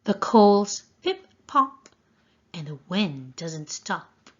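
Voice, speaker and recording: A woman, a preschool teacher, reading a picture book aloud to children in an expressive sing-song way. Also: mid-range voice, extremely slow, a little hiss or hum. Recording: dull lo-fi sound.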